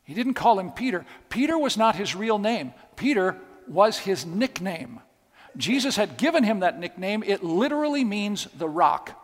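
A man's voice: high-pitched, very animated, normal speed. A man preaching a sermon, telling stories with emphatic, repeated phrases. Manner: storytelling, emphatic and repetitive. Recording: long hall reverb.

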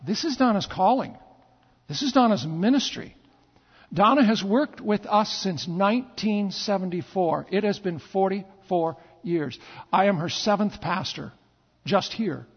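High-pitched guy preaching, husky voice, dull recording with long church echo. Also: lively intonation. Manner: storytelling with pauses and repeated phrases. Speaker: pastor. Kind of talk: sermon. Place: church sanctuary.

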